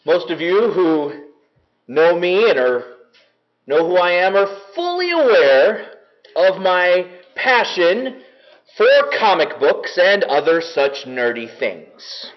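A pastor preaches a sermon with earnest, conversational enthusiasm. His voice sits high and swings widely in pitch while he speaks slowly, and the recording is dull and lo-fi.

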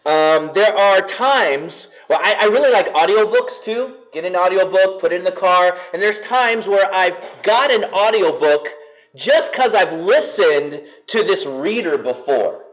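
A man's voice: sits high, lively intonation, a little slow. A man preaching a sermon as pastor, earnest and enthusiastic in a conversational way. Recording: dull lo-fi recording.

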